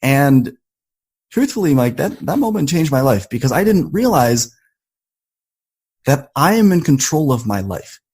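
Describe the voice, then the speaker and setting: Husky guy on a podcast, telling a story, lively and chatty, mid-pitch voice. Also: a little slow, long pauses. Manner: animated, conversational storytelling. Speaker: podcast guest.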